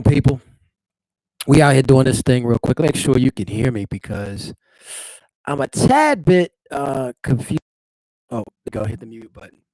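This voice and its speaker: A man's voice: mid-range voice, a little mellow, no room sound. A married man hosting a casual live stream from his home, chatting loosely and directly with his viewers. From eastern United States. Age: adult, married father. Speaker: livestream host.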